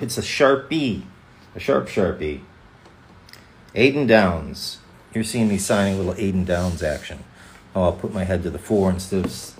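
A voice actor chatting casually and joking with viewers while he signs autographs on a livestream. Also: low voice. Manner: playful, jokey, rambling. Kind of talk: casual chat.

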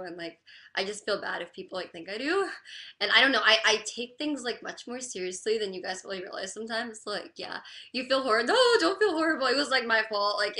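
Crying woman on a livestream, bright voice, stumbles over her words and says "like" constantly. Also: mid-range voice. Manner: halting, apologetic, heavy "like" fillers. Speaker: livestreamer reading chat. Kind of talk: live stream chat.

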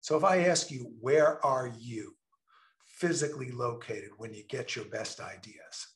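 A man giving an enthusiastic online presentation, stressing key words slowly and deliberately. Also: medium pitch, reverberant.

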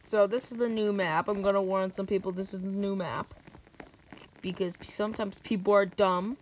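A woman giving rambling commentary over her own gameplay, often bursting into yells. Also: medium pitch, steady tone, moderate pace, slight background noise. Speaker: gaming video creator. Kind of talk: game commentary.

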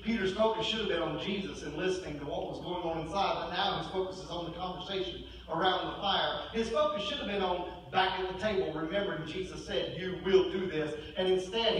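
A man preaching a sermon as pastor, swinging between loud, pressing declarations and hushed, quiet storytelling. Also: high voice, slight background noise. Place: church sanctuary. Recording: echoey church hall, mic at a distance.

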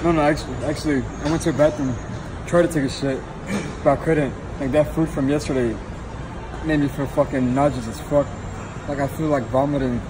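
A young man vlogging casually at the gym, crude and joking in slangy talk. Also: on the high side. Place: echoey gym. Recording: echoey gym with loud noise.

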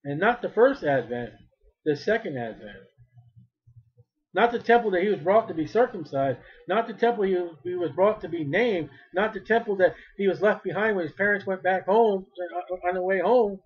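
A man's voice: high-pitched, expressive, moderate pace, breathy edge, lo-fi sound. A male preacher giving a fervent sermon, repeating his phrases and rising to cries when he quotes.

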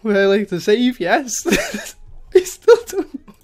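A woman streaming a game live, chatting to viewers and breaking into excited shrieks and laughs of disbelief. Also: mid-range voice, takes it slowly, vocal fry.

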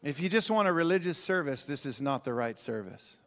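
A man preaching a revival sermon, swinging between shouting and quiet intensity and laughing often. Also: on the high side, big pitch swings, moderate pace. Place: large church sanctuary. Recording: long reverb of a big hall.

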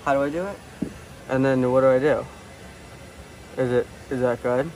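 A man filming a playful challenge vlog, excitable and self-mocking, swearing often. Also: medium pitch, moderate pace. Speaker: vlogger. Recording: noisy home recording.

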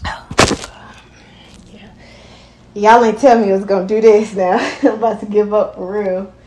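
A woman's voice: medium pitch, steady tone, moderate pace, darkish tone. A young woman talking frustrated to her viewers in a casual vlog. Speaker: vlogger.

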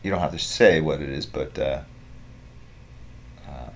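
A middle-aged man hosting a live drawing stream, giving relaxed, rambling step-by-step instructions and thanking viewers in the chat. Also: rumbling low, a little slow. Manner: relaxed, rambling instructions with fillers and chat-reader shout-outs. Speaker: artist hosting a draw-along stream.

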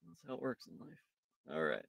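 A man's voice: low voice, huge pitch swings, brisk, vocal fry, a bit bright, dry recording. A man hosting a live card break stream in casual chat, jokey and self-mocking, rambling with fillers and laughing often.

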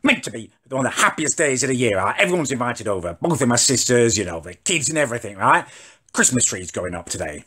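A man's voice: medium pitch, very animated, fast talker, pushed and bright, roomy sound. An English man ranting to camera in a comic, indignant, exasperated way. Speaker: vlogger. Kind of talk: comedic rant to camera.

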